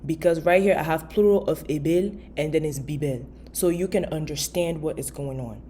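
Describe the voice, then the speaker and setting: A woman giving a casual video language lesson, patiently repeating words slowly for learners. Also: sits low, dark tone, slight background noise. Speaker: language teacher.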